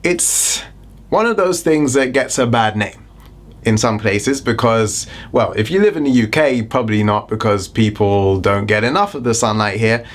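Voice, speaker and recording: A man's voice: lowish voice, normal speed. A man with a British accent, a wellness vlogger talking casually to camera with chatty, joking, self-deprecating asides. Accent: British English. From Britain.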